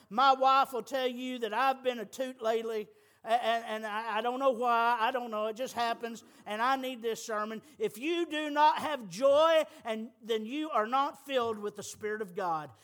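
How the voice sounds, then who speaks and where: A man's voice: very high voice, a bit bright. A middle-aged man preaching a sermon as pastor, emphatic and folksy, with humor.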